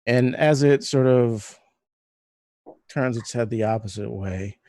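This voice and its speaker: Slow hesitant guy running a tabletop game, dry close sound. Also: mid-range voice, darkish tone, dry recording. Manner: hesitant, many fillers. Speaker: game master.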